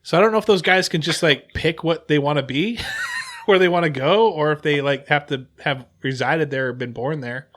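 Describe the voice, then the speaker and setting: A man in casual conversation as a podcast host, his voice sitting somewhat high with a bright, pressing tone. He rambles, doubles back on his words and keeps stories going with loose asides. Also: normal speed. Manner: rambling, trailing off and restarting mid-sentence. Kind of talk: casual chat.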